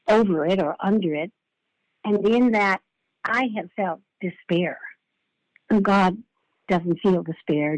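A woman's voice: mid-range voice, no echo, rough recording. An older woman giving a devotional sermon in a reflective way, often repeating her key phrases. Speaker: preacher.

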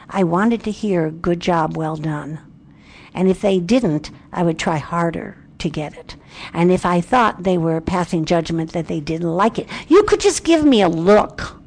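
A woman giving a candid, self-reflective Christian devotional talk with a brisk, emphatic delivery. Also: fairly low pitch, a little mellow. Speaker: Christian speaker.

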